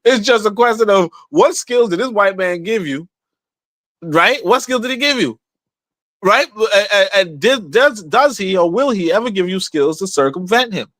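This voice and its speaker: A man's voice: high voice, lively intonation, moderate pace, a bit bright, no echo. A man hosting a livestream podcast, talking in a casual, emphatic way, repeating himself and asking rhetorical questions. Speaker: podcast host.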